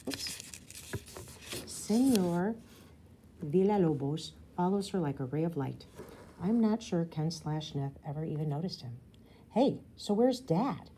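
Low mellow woman reading aloud. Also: measured pace, long pauses, slight background noise, rough recording. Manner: expressive, voices the characters. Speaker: teacher reading aloud to a class. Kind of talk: storybook read-aloud.

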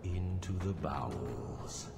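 An actor playing a menacing male demon god of domination in a video game, with a deep gravelly rumble and a slow, commanding delivery that drops into whispers. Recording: echoey with a long hall reverb.

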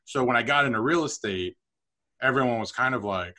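A middle-aged man telling stories about his career as a podcast guest, chatty and animated with self-deprecating humor. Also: medium pitch, brisk. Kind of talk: storytelling interview.

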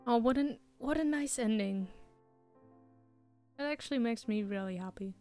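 A woman's voice: a little high, moderate pace, darkish tone. A woman streamer chatting casually while playing a story game, reading its text aloud. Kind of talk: casual let's-play commentary. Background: faint piano game music.

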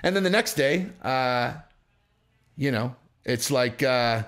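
A man rambles through a casual commentary monologue, swearing freely and slipping into quick acted-out voices. His pitch swings widely around a middle-range voice. He speaks as the host of his own channel. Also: lively intonation, fairly bright tone. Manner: profane, rambling, acts out voices mid-story.

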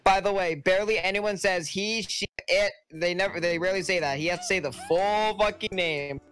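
A man's voice: sits high, brisk, a bit bright. A young man reading fan fiction aloud to friends on a voice call, breaking off with joking asides. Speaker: reader.

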